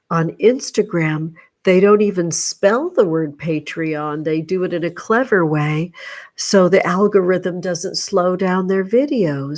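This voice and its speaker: A middle-aged woman hosting a casual livestream, warmly greeting viewers by name and calling them sweetie. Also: lowish voice. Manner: affectionate, effusive, calls viewers sweetie.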